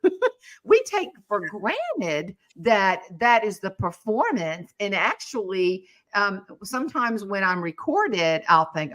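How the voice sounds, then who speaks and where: A middle-aged woman hosting a relaxed conversation, her voice rising and falling widely as she tells stories. She now and then slips into a snatch of sung melody, then drops back to plain chat. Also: mid-range voice, takes it slowly. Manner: animated storyteller, breaks into bits of song. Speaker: talk show host. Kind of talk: casual chat.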